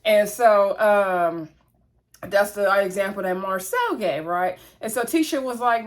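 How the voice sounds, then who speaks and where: A woman's voice: medium pitch, unhurried. Woman, casual reality TV recap, gossipy, chatty. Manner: chatty, gossipy, acts out the cast's lines.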